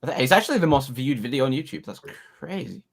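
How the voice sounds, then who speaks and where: A man co-hosting a podcast, chatting casually and excitably, swearing often. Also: mid-range voice, fast talker, gravelly. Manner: excitable, swears, laughs easily. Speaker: podcast co-host. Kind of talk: casual chat reacting to music.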